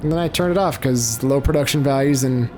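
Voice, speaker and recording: A man's voice: mid-range voice, fairly quick. A man rambling through casual gameplay commentary as a let's play host, often breaking off mid-sentence and searching for words. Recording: game music playing behind.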